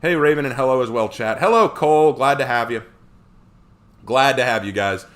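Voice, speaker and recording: A man's voice: mid-range voice, moderate pace. A man live streaming who chats casually with viewers, reads their comments aloud and jokes around. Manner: animated, joking.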